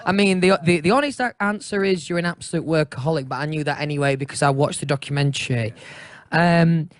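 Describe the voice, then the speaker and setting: A man's voice: on the high side, no room sound. A young Englishman with an English accent, bantering and laughing in a casual radio interview. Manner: playful, self-deprecating, laughs often. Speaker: musician guest.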